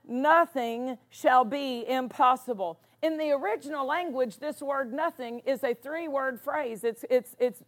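A woman pastor preaching a sermon, driving points home by repeating words for emphasis. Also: high voice.

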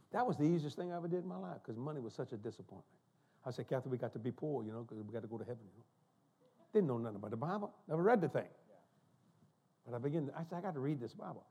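This is an older man preaching from a church pulpit. His voice is husky and dark, and he tells stories in an animated way, cracking jokes and laughing as he goes. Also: on the high side. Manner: animated, joking, laughing asides. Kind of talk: storytelling sermon. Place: church sanctuary.

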